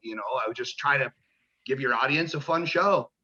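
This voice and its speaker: Medium-pitched and fairly quick, this man's bright, forceful voice comes through on dull-sounding audio. He's a pro wrestler rambling through profane stories in a relaxed interview, mimicking the voices of those he quotes.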